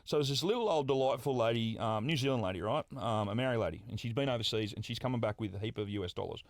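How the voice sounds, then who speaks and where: A man's voice: medium pitch, fast, no echo. An Australian man hosting a podcast, telling stories in casual chat, swearing freely and acting out what people said. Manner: swearing, animated storyteller acting out quotes. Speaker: podcast host.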